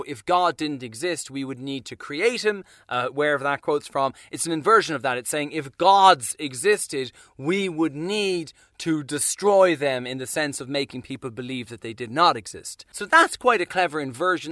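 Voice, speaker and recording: A man's voice: a little high, bright, forceful tone, no echo, studio quality. A young man giving a sarcastic, profane and rambling casual film review.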